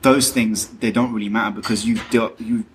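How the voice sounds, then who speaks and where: Laid-back young podcast host. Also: male voice, fairly low pitch, brisk, background noise. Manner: relaxed, reflective, says "like" a lot. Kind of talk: casual interview.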